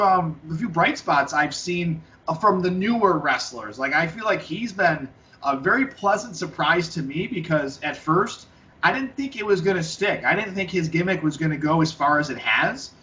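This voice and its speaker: His voice sits high with a sharp tone and lively intonation, moving at normal speed as he co-hosts a wrestling podcast. The chat is casual and rambling, full of restarts and fillers, captured lo-fi from a distance from the mic.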